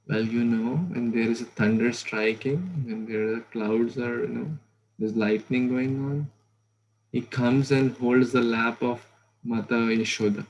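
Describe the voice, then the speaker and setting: A man's voice: medium pitch, steady tone, unhurried, slight background noise, close to an everyday voice, rough recording. A man doing a doting mother, teasing, chatty, rhetorical questions, everyday voice.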